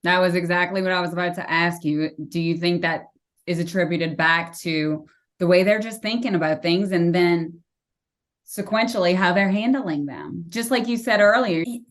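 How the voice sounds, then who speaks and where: A woman's voice: on the low side, moderate pace. Woman host asking thoughtful questions. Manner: asks long, thoughtful follow-up questions. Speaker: podcast host. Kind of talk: casual podcast interview.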